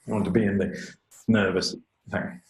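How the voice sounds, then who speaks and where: A man giving a lively, emphatic lecture on public speaking, with joking asides to the audience. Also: low-pitched, normal speed, echoey room, slight background noise, low-quality recording. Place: lecture room.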